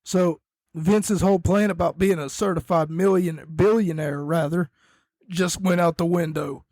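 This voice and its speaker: A man's voice: fairly high pitch, steady tone, a little slow, darkish tone, dry recording. Rambling man recapping wrestling, dry close mic. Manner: rambling, self-correcting, coughs between points. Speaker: podcast host.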